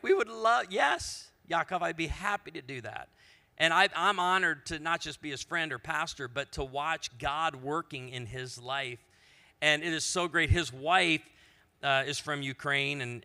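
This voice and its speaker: Bright-voiced man telling comic stories. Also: mid-range voice. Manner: storytelling with comic asides. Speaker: pastor. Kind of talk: humorous conference talk. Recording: hall reverb.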